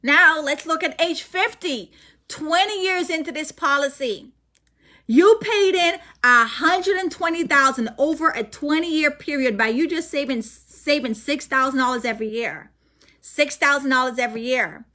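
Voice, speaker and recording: A woman giving an energetic, emphatic sales presentation as a financial presenter, repeating key points to her audience. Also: high voice, normal speed.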